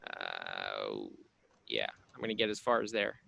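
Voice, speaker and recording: A man's voice: extremely low pitch, huge pitch swings, unhurried, gravelly, sharp tone, dull audio. A man playing a tabletop game, musing through his turn. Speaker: player.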